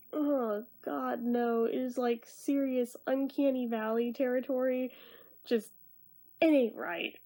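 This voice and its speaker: A woman in her thirties, tired and half awake, rambling quietly through a casual late-night movie review. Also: sits high. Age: 30s. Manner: rambling, talking quieter than normal.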